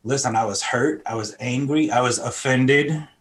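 A man's voice: mid-range voice, moderate pace, fairly bright tone. A middle-aged man from Philadelphia giving an earnest personal testimony in an interview, reflective and repeating words as he gathers his thoughts. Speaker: interview guest sharing testimony.

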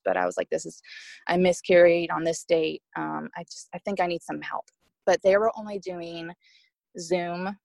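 Young woman, low gravelly voice, dry close sound; candid podcast guest recounting a hard experience. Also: no echo, low-quality recording. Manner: candid, emotional retelling with many fillers. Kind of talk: personal story told in conversation.

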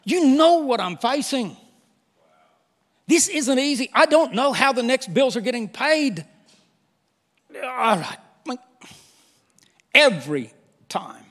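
An older man preaching a sermon as pastor, candid and animated, with humor and acted-out quotes. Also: high voice. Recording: long hall reverb.

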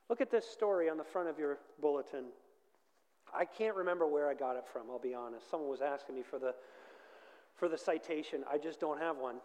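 A pastor preaches with earnest conviction, rising to loud, high emphasis before falling almost to a hush. His fairly high voice rings out with a long reverb through the hall. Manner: earnest, swells loud then drops to near quiet. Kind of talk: sermon and prayer.

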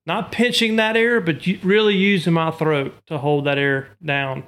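Brief: middle-aged man, slightly high voice, patient instructional talk, repeats points. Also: fairly even intonation, normal speed, fairly bright tone. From Arkansas. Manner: explains technique with homely comparisons, repeats himself. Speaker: duck call maker and hunter.

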